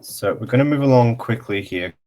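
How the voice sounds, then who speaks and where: A man giving a casual online pronunciation lesson, explaining slowly with many pauses and fillers while sharing his screen. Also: medium pitch, mellow. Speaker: language teacher.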